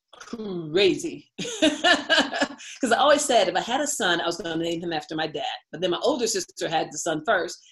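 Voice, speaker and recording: Middle-aged woman from the us, chatty guest, laughs a lot, lowish voice. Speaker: interview guest. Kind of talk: candid personal storytelling.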